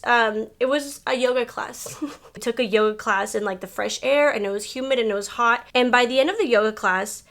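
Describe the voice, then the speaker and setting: A woman in her thirties from Mexico, sharing a hard stretch of her life in a personal vlog. Her fairly high voice runs loose and conversational, scattered with "like" and "you know". She speaks candidly and at times comes close to tears. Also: fairly bright tone. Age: 30s. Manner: chatty and candid, many "like" fillers; emotional, fighting back tears. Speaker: beauty vlogger.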